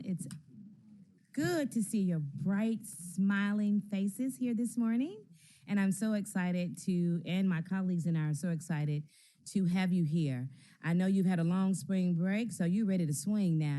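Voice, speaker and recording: A woman council member giving warm, encouraging welcoming remarks to visiting students. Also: on the low side, moderate pace. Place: council chamber.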